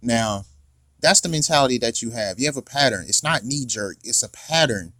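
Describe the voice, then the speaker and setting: A man reacts to a clip in a casual, argumentative way, circling back to the same questions in slangy speech. His voice sits at a middle pitch and sounds dry and close to the mic. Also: expressive, normal speed, sharp tone, no room sound. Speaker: reaction video host.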